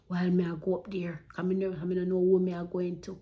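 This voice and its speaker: A woman's voice: fairly low pitch, little pitch movement, fast, mellow. Earnest Jamaican woman telling her story. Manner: earnest, emotional retelling in Patois-flavoured speech. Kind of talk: personal storytelling.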